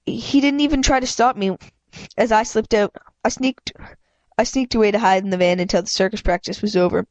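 A woman's voice: fairly even intonation, fairly quick, no room sound. A woman reading a children's chapter book aloud, often stumbling and restarting lines and stopping to apologize. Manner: reads with frequent stumbles and restarts, voicing characters with raised pitch; apologizes and comments between passages. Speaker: amateur reader.

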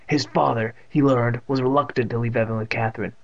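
A man narrating a story in a steady, plain reading voice, adding jokes of his own. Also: mid-range voice, a little fast, muffled recording. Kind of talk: audiobook reading with ad-libbed jokes.

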